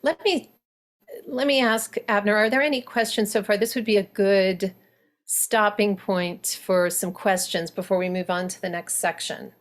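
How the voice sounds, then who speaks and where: A woman dialect coach teaching an online workshop over a video call, speaking with animated enthusiasm. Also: mid-range voice, moderate pace. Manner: animated, enthusiastic, laughs easily.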